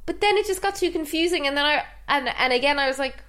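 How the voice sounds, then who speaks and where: Quick-talking, animated woman co-host. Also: high voice. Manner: animated, laughing, acts out reactions. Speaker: podcast co-host. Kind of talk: casual film review chat.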